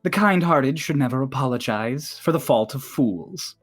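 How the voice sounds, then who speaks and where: A man voicing a composed, dignified woman diplomat who speaks in a calm, measured, formal way. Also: mid-range voice, slightly rough, soft background music.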